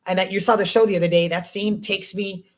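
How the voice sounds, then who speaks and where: A middle-aged woman actress telling stories in a casual interview, emotional and animated, with many restarts. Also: mid-range voice, quick pace. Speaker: actress guest.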